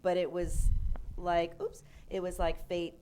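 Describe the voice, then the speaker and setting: A woman with a fairly low voice, recounting personal stories as a comedian guest on an interview podcast. She talks in loose, winding sentences full of "like" and "you know". A faint hiss sits behind her voice. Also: slow. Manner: animated, filler-heavy storytelling with frequent "like" and "you know". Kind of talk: casual storytelling interview.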